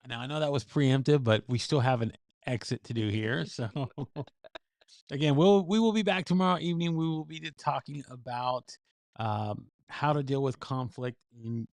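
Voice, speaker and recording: A man's voice: mid-range voice, normal speed, a little mellow, no echo. A man co-hosting a casual couples livestream, chatty and talking straight to his viewers. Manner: chatty, addresses viewers as folks.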